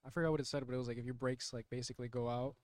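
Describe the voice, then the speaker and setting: A man's voice: mid-range voice, steady tone, rapid-fire, a little mellow, dry recording. A young man in casual chat with friends, rambling through a travel story with lots of fillers. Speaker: friend back from a trip.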